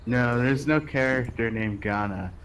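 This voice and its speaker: A man's voice: mid-range voice, a little slow, a bit bright, slight background noise, poor audio. A man on a gaming stream trading dry, sarcastic jokes about the game. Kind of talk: let's play banter.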